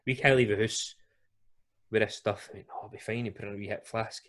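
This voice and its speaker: A man's voice: on the low side, steady tone, a little fast, fairly bright tone, slight background noise. Glaswegian man telling a story. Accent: Glaswegian Scottish. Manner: chatty, laughs often, colloquial. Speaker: podcast host. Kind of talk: casual podcast chat, storytelling.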